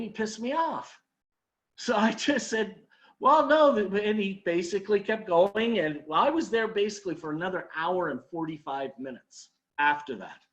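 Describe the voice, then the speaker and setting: A man's voice: sits high, fairly bright tone, highs cut off. A man leading a sales training talk, telling an anecdote and acting out his customers' lines, with emphatic repeated advice.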